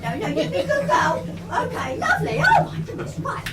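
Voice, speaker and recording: A woman playing a fussy, motherly witch teacher on an amateur pantomime stage, loudly exclaiming and scolding her pupils. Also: very high voice, huge pitch swings, normal speed, very noisy, heavily acted. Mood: fussing. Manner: loud, fussing, exclaiming, mock-scolding. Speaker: pantomime performer. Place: village club hall stage. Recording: echoey hall from far off, loud audience.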